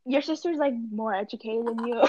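A woman's voice: on the high side, warm tone, a little hiss or hum, rough recording. A teenage girl co-hosting a podcast, telling stories in a bubbly, laughing way. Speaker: podcast co-host. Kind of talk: casual chat.

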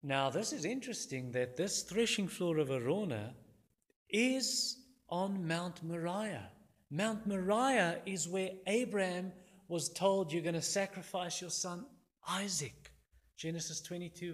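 A man preaching a sermon, constantly citing verse references and acting out the quoted voices with sudden jumps in pitch and volume. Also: lively intonation, a little slow.

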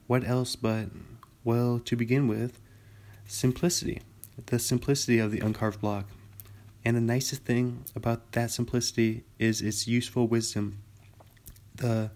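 A calm man reading an audiobook in a flat voice. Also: mid-range voice. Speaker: narrator. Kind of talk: audiobook narration.

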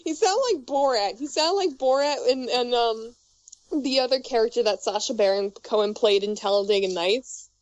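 High-voiced woman telling a story through laughter. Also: normal speed. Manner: laughs often through her story, loose and profane. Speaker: podcast co-host telling a story. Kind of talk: casual chat, storytelling.

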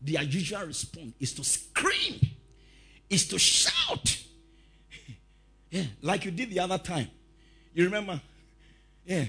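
A male preacher giving a lively sermon, telling stories, shouting out quotes and laughing as he goes. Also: sits high, measured pace, pauses often, husky.

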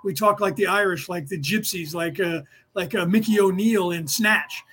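A middle-aged man from the San Francisco Bay Area with a notably high voice for a man, racing through a casual spiritual class. His delivery is rapid and rambling, leaping from one thought to the next with restless energy as he hosts his podcast. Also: fairly bright tone. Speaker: podcast host teaching a class.

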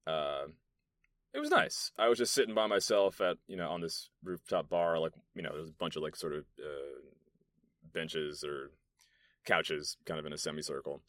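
Deep-voiced profane New York man rambling. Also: normal speed, fairly bright tone, dry recording. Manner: rambling, profane, storytelling with many fillers. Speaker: podcast host. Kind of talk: casual solo podcast monologue. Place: soundproof meeting room in an apartment complex.

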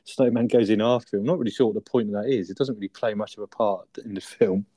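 A laid-back man chats through a film review in a low, mellow voice, swearing casually and tagging his remarks with little questions. The sound is dry and close to the mic. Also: fairly even intonation, fast talker, no room sound. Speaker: podcast co-host.

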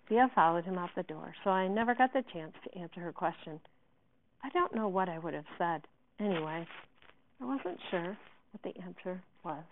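Woman, teacher, reading a story aloud, expressive, lowish voice, thin phone-like sound. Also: normal speed. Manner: expressive first-person reading.

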